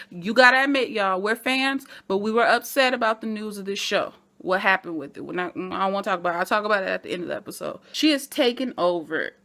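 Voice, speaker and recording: A woman talks through a TV episode in a relaxed vlog recap. Her voice sits at an ordinary middle pitch. She is animated and chatty and speaks directly to her viewers as fellow fans. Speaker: TV show reviewer.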